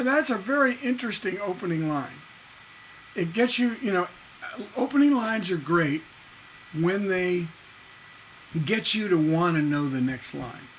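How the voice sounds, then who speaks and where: A middle-aged man teaching songwriting on a livestream, emphatic and lively, reciting and half-singing lyric lines as examples. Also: high-pitched, slight background noise, poor audio. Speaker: songwriting instructor.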